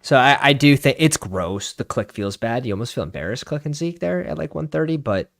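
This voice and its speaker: A man's voice: mid-range voice, expressive, creaky, dry recording, studio quality. A man joining a fantasy football stream as a guest, chatting casually and agreeing easily. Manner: laid-back, agreeable, lots of quick yeahs and mm-hmms. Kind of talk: casual chat while drafting.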